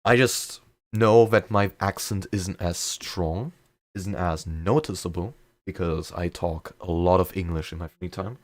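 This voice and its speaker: Deep-voiced man with a slight German accent. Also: unhurried, dry recording. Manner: chatty, rambling, self-deprecating. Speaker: streamer. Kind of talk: casual chat during a live game stream.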